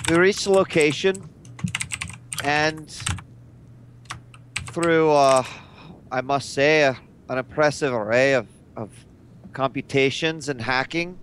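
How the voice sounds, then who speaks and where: A man playing an earnest, polite male space traveler in a tabletop game, speaking in a measured, courteous way. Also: mid-range voice, background noise, lightly acted. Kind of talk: tabletop role-play in character.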